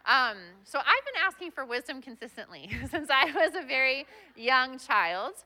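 A woman's voice: high voice, very animated, normal speed, bright, forceful tone. A young woman guest pastor giving a chatty, self-deprecating sermon with plenty of fillers.

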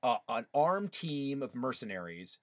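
A man with a bright, forward voice chats loosely on a podcast, circling back and restarting his thoughts. The sound is dry and close, with no room around it. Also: medium pitch, very animated, a little slow, dry recording. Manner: chatty, rambling with many restarts. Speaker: podcast co-host. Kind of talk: casual chat.

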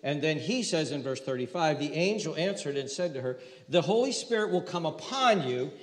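A man preaching a sermon in a conversational, animated way and acting out scenes, in an echoey hall with long reverb. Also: on the high side, normal speed. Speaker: pastor.

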